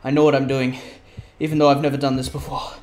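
A man playing a video game and commenting, doing a bad put-on action-hero movie star accent, mock-heroic and prone to swearing and yelling outbursts. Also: mid-range voice, level tone, fast talker. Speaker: gamer. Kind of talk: let's play commentary.

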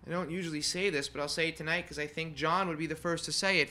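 A man serving as funeral celebrant, giving an earnest, heartfelt eulogy in a conversational manner with pauses. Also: a little high, steady tone, pushed and bright. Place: funeral home chapel.

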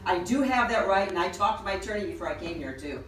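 A woman's voice: on the low side, animated, fast, fairly bright tone. A woman defiantly arguing with staff at a dental office reception. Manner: defiant, argumentative. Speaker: angry patient. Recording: distant, echoey, noisy room.

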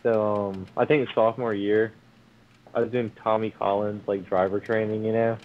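A young man in casual chat, recalling a story in a hesitant, halting way. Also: lowish voice, flat delivery, phone-quality sound, slight background noise.

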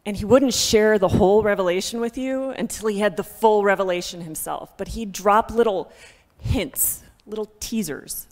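A woman giving an emotional church testimony into a microphone. She is heartfelt, laughs often and speaks loudly. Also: mid-range voice, normal speed. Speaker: guest speaker sharing a ministry testimony. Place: church sanctuary. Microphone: handheld microphone. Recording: long reverb of a church hall.

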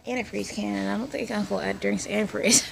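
Woman vlogger, rambling and jokey; heavy vocal fry, loud store noise behind. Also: mid-range voice, steady tone, fast talker. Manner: chatty, rambling, jokey asides. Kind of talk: casual store walkthrough vlog. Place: big retail store, indoors. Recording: noisy store background.

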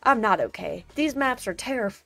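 A young woman streaming a game, reacting loudly, complaining about the levels and thanking viewers in chat. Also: on the high side, lively intonation, brisk, vocal fry. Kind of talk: casual live-stream gameplay chat. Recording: faint game music behind.

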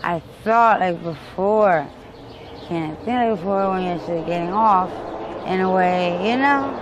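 A woman's voice: fairly low pitch, a little slow, dull audio. Rambling woman on a noisy street. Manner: rambling, restless, swinging between loud and quiet. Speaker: interviewee. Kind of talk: street interview. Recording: noisy outdoor street recording.

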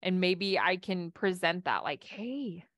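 A woman's voice: mid-range voice, moderate pace, fairly bright tone, no room sound, studio quality. A woman life coach giving a casual coaching talk and answering audience questions, with a chatty delivery full of restarts.

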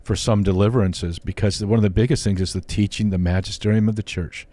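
A man hosting a faith podcast, talking earnestly and warmly praising his listeners, with frequent restarts. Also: lowish voice, fairly even intonation, quick pace, no room sound. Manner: earnest, effusive, restarts often. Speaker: podcast host. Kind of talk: casual faith talk interview.

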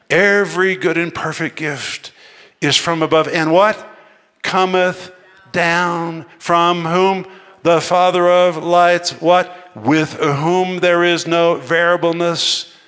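A man preaching a sermon in an emphatic manner, building to forceful outbursts. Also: mid-range voice. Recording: long hall reverb.

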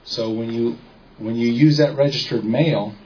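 A man's voice: medium pitch, fairly even intonation, a little slow, darkish tone, highs cut off. A man giving an informal talk to a small audience, often checking in with listeners as he explains. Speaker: seminar speaker.

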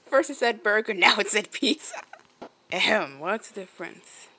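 A woman's voice: mid-range voice, expressive, measured pace, sharp tone, slightly rough, rough recording. A woman giving casual, rambling reaction commentary, thinking aloud as she watches. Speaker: video reactor. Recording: video soundtrack music playing behind.

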